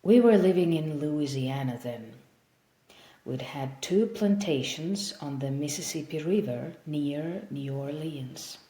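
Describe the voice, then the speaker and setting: A woman voicing a sad, gentle male vampire, centuries old, who speaks in a soft, measured, wistful way. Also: sits low. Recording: roomy echo.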